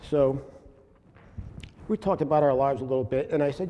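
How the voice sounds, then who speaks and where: A man telling his congregation a faith story in an earnest, halting way, often restarting his sentences. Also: a little high, mellow. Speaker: lay preacher sharing a testimony. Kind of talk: informal church testimony. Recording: long hall reverb, faint room noise.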